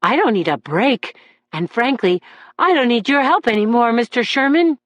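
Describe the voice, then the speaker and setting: A man's voice: very high-pitched, sing-song, takes it slowly, dry recording, highs cut off, pitched above the performer's own voice, exaggerated voice. A woman reading an audiobook voices a troubled young man on trial, testifying in a raw, pleading way about the voices that haunt him. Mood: defiant. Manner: anguished, raw and pleading, breaking into shouts. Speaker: defendant testifying in court.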